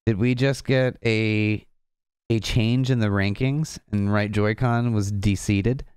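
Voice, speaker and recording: Rambling streamer man, smooth low voice. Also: steady tone, slow pace, darkish tone, no room sound, studio quality. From American South. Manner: chatty, rambling, banters with chat. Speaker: programming livestream host. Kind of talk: casual livestream chat.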